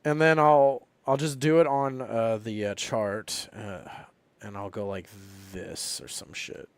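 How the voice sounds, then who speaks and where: A man's voice: medium pitch, fairly even intonation, measured pace, clean tone, dry recording. A young man live streaming about trading, talking casually and rambling with lots of swearing and fillers. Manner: profane, rambling, frequent fillers.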